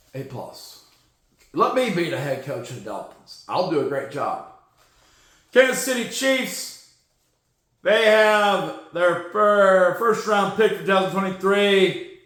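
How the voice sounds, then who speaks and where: A man's voice: high-pitched, fairly bright tone, roomy sound. A man hosting a football podcast, running through the news in a sarcastic, joking way. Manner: sarcastic, joking, mocks teams with silly sound effects. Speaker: podcast host. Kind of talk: casual sports news commentary.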